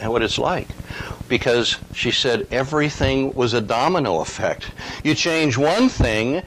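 A man's voice: medium pitch, a little hiss or hum, low-quality recording. An older man preaching a sermon in a conversational, earnest way, often asking rhetorical questions.

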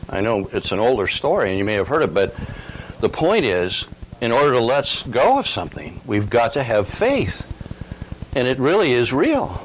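A man's voice: fairly low pitch, slight background noise, poor audio. An older man preaching a sermon in a conversational, earnest way, often asking rhetorical questions.

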